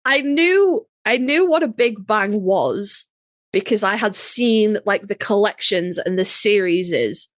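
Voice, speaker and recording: A woman with a Yorkshire accent co-hosting a podcast in a casual chat, talking in quick, self-mocking asides with some swearing. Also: medium pitch, lively intonation, dry recording. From Yorkshire, England. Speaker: podcast co-host.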